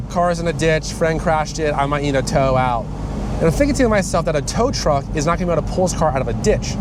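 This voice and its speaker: A man casually telling a story about a car crash, rambling with lots of "like" and "I'm like". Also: on the high side. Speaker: car channel host. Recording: loud outdoor noise.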